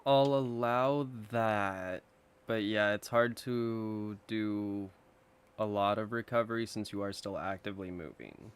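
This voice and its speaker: A man running a tabletop game as dungeon master, giving measured rulings. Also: on the low side, steady tone, smooth.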